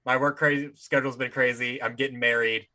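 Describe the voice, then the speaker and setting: A man's voice: medium pitch, little pitch movement, a little fast, bright, forceful tone. A man co-hosting a podcast in casual chat, blunt and sarcastic, with some swearing. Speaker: podcast co-host.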